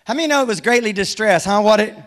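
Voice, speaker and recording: Pastor guy, real high voice, joking and pushing the crowd, big church echo. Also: fast talker. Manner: animated, humorous, exhorting. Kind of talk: sermon.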